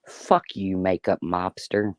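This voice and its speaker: A woman's voice: extremely low pitch, level tone, takes it slowly, no echo, studio quality. A woman in her fifties giving an angry, profane, sarcastic rant on a live stream. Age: 50s. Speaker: YouTuber.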